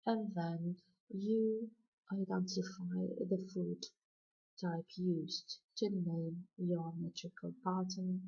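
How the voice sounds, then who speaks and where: A woman's voice: medium pitch, mellow, breathy edge. A woman lecturer giving a methodical, step-by-step recorded video lecture. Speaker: literature lecturer. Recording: dull lo-fi recording.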